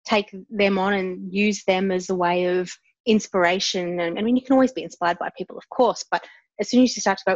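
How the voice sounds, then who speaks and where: A woman co-hosting a business podcast, who talks in a bold, animated way about branding and marketing. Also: medium pitch, brisk, no echo, lo-fi sound. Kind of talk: casual business chat.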